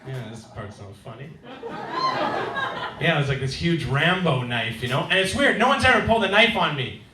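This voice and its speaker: A man doing a stand-up set, telling a wry story and acting out his neighbours in loud voices. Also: fairly high pitch, very animated, moderate pace, background noise. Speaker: stand-up comedian. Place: comedy club stage. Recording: roomy club sound, heard from a distance.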